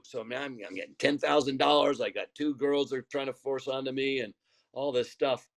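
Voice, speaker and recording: An older man, a former pitcher, telling a story in conversation, often repeating words and acting out bits of dialogue. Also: fairly even intonation, brisk, creaky. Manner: rambling, repeats words, acts out quoted dialogue. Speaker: former baseball pitcher, guest.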